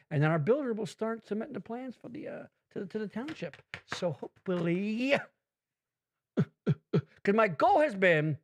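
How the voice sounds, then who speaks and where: Guy podcast host, highish voice, rambly and swears a ton, casual chat. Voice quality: profane, rambling, full of fillers.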